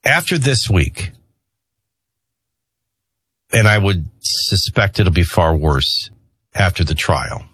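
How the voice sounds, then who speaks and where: A middle-aged man hosting a show, rambling between personal stories and opinion rants in an animated way. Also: low-pitched, breathy edge, no room sound. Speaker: host. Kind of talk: opinion monologue with storytelling.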